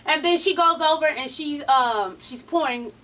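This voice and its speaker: A woman's voice: high voice, moderate pace, bright, forceful tone, recorded from a distance. A tired woman vlogger giving a casual, sassy, profane recap of a reality show and quizzing her viewers directly. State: tired, late at night. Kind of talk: casual gossipy recap commentary.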